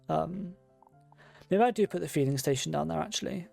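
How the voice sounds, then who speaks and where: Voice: mid-range voice, brisk, vocal fry, long pauses, a little mellow, faint music behind. A game streamer, chatting casually and thinking aloud while decorating a room in a game. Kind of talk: casual gameplay commentary.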